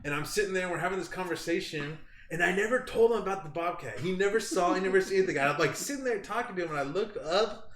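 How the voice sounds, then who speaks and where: A young man hosting a casual podcast, telling a wild story with lots of swearing and loud acted-out yelps. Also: sits high, animated, fast, roomy sound. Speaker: podcast host.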